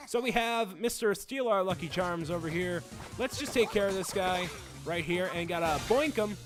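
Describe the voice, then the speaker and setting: A man's voice: high-pitched, fairly quick, a bit bright, soft background music. A man hosting a video game playthrough, rambling through jokey, self-mocking commentary. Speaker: host.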